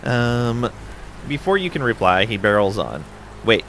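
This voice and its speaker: A man streaming a casual game playthrough, reading story text aloud in a relaxed way with asides. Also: mid-range voice, a little slow, a little hiss or hum. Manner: relaxed, with frequent ums and asides.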